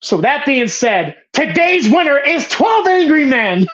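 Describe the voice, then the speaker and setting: Speaking in a high, very animated but unhurried voice, this host of a movie bracket show talks about films casually and passionately. She's emphatic and profane, rambling and restarting often, and the audio has a slightly dull, lo-fi quality.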